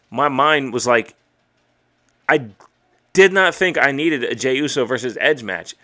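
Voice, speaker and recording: A man hosting a podcast, recapping a wrestling show in casual, excited, profane chat. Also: mid-range voice. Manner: excited, profane, recounts and quotes matches. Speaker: podcast host. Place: home streaming setup.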